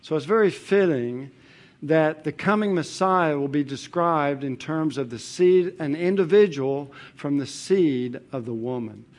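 A man preaching an expository Bible sermon in a measured, emphatic way, with rhetorical questions and repetition. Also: on the high side, animated.

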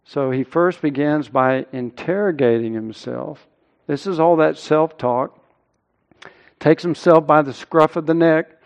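Middle-aged guy preaching a sermon, earnest, voice sits kinda high and climbs when he quotes scripture. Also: measured pace, vocal fry, muffled recording. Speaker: pastor.

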